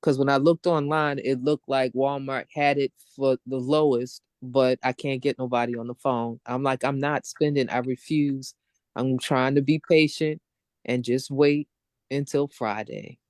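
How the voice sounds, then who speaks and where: Her very deep, slightly mellow voice keeps fairly even intonation and a measured pace as this middle-aged woman vents on a video call. As an open mic participant, she rants casually and with frustration in long run-on stretches, recorded dry.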